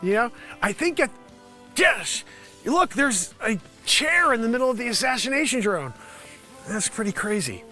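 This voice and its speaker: A man hosts his daily stream with a comic mock news report. His voice is high and bright, with faint music underneath. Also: very animated, moderate pace. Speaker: host of a daily livestream. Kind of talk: comedic livestream monologue.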